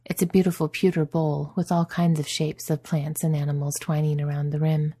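A woman narrating a story in a soft, even storytelling manner. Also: sits low, brisk, slightly rough. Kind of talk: audiobook narration.

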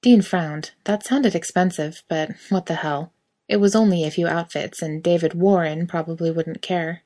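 Woman narrating a story, low voice, mellow and soft tone, steady reading. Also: moderate pace. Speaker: reader. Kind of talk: audiobook reading of fan fiction.

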